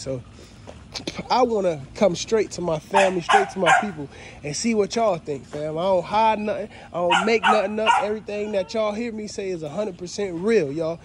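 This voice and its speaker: A man's voice: high-pitched, moderate pace, very noisy. A man, talking casually and heartfelt to his viewers on a phone outdoors at his dog kennels. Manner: heartfelt, repetitive, addresses viewers as fam. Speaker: dog breeder vlogger. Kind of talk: casual thank-you vlog. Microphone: phone held while walking outdoors.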